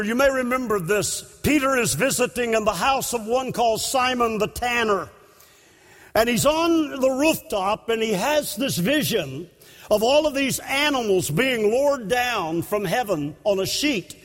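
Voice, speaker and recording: A man with a strikingly high voice preaches a sermon in a church. He takes his time and lets each phrase land, then rises into shouts for emphasis. His voice rings out with a long hall reverb. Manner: impassioned, breaking into shouts for emphasis.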